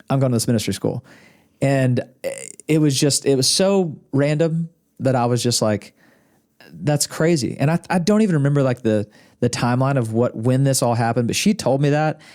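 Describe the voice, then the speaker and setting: This man speaks at a normal rate in a medium-pitched voice with a slight mellowness. He's the host's husband from Arkansas, guesting on the podcast and chatting casually through rambling stories, frequently chuckling and restarting his sentences, indoors in a podcast studio room.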